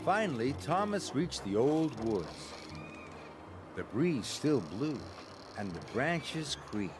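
Man, storybook narration, slow and lively, music bed underneath. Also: mid-range voice. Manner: slow, expressive.

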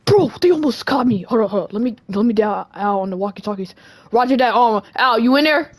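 A woman runs a game role-play in a high, excitable voice. She talks very quickly and urgently, often close to shouting. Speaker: channel host, roleplayer.

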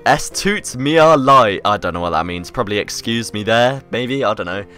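A man's voice: fairly low pitch, animated, moderate pace, bright, forceful tone, faint music behind. A man giving upbeat, joking commentary while playing a game. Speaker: YouTuber. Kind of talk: casual gameplay commentary.

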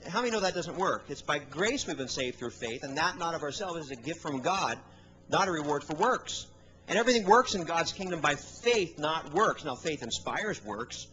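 A middle-aged man preaching a sermon at a church service, telling stories in an energetic, folksy way. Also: fairly high pitch, a little hiss or hum, low-quality recording. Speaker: guest preacher.

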